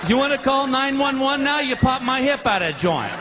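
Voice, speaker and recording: A man performing a stand-up comedy routine on stage, telling animated stories and acting out quoted voices. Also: very high-pitched, normal speed, crowd noise. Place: stage before a laughing audience. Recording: live show with audience noise.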